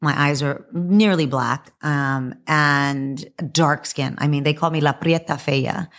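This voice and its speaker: A woman guest on a podcast, talking casually with a hoarse voice and an animated way of acting out quotes. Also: low voice, unhurried. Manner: animated, laughing, acts out quotes. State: hoarse from press junkets.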